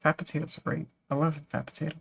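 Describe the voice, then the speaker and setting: A woman's voice: low-pitched, flat delivery, very fast, gravelly, slightly rough. A woman hosting a livestream, chatting casually and reading out viewer comments. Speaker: livestream host.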